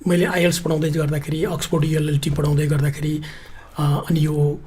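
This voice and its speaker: Fast-talking Nepali-accented man teaching. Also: fairly high pitch, monotone, darkish tone, a little hiss or hum. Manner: emphatic, repeats points and spells words letter by letter. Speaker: English test teacher, guest. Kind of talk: explanatory interview talk.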